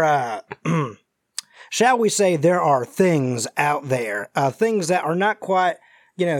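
A man's voice: a little high, no echo, studio quality. A man doing a wounded drawling drifter on the run. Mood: evasive. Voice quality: Southern drawl, like a folksy colonel. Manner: wheedling, evasive, drawling.

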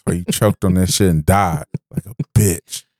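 A man's voice: sits low, steady tone, normal speed, dark tone. A man co-hosting a podcast in casual chat, blunt, profane and joking. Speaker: podcast co-host.

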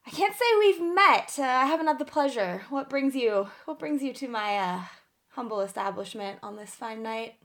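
A woman's voice: on the high side, expressive, normal speed, fairly bright tone. Magnus, a woman voicing a breezy warlock. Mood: suave. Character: flirty, cool-headed male warlock club owner.

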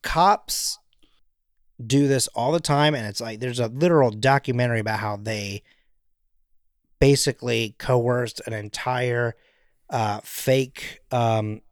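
A man's voice: mid-range voice, takes it slowly, no room sound. Man, podcast co-host, rambling casual chat, filler-heavy, dry close sound. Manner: rambling, filler-heavy, breaks into playful impressions.

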